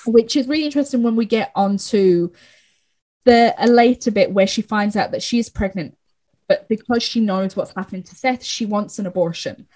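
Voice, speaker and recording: A woman's voice: mid-range voice, moderate pace, a little mellow. A young woman in a casual film chat, talking freely with many fillers and the odd swear word. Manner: chatty, frequent fillers and swearing.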